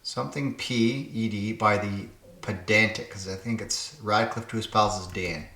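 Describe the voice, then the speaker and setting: A man's voice: fairly low pitch, fairly even intonation, normal speed, bright, forceful tone, echoey room. A man hosting his own puzzle channel, thinking aloud and muttering to himself as he solves word games. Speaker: puzzle game channel host. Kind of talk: casual solo puzzle-solving commentary.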